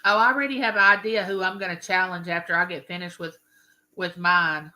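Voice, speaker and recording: Bright-voiced woman chatting live. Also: on the low side, steady tone, brisk, rough recording. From Mississippi. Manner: friendly, greets viewers by name, rambling. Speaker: live-stream host. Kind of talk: chatty live-stream greeting viewers.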